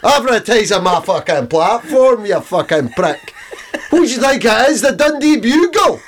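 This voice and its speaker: A man's voice: very high voice, very animated, moderate pace, a little hiss or hum, voice pushed up. A man putting on a put-on Scottish accent as a drunk, swaggering tech mogul, boozy and belligerent. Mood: boozy sneering. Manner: boozy, belligerent, slurring boasts.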